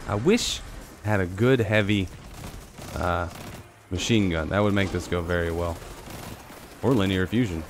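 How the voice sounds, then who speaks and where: A man giving casual live commentary on his own gameplay, talking to himself and his viewers and jumping into high excited yelps. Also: a little slow, pauses often, a little hiss or hum. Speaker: game streamer.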